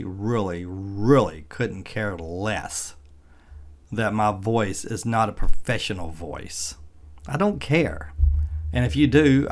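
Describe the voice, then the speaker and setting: A plainspoken middle-aged man with a Southern Arkansas drawl, talking to the camera in a casual vlog. His voice sits at an ordinary pitch, and he rambles in a folksy, good-humored way, chuckling now and then. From Arkansas, USA. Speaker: EV vlogger.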